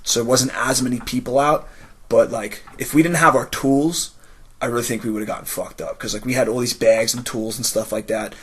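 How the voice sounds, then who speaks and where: A man's voice: fairly even intonation, fairly quick, husky. A young man telling stories in a casual podcast chat, swearing freely and dropping to a mutter for asides. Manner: storytelling, swearing, drops to a low mutter for asides. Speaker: podcast co-host.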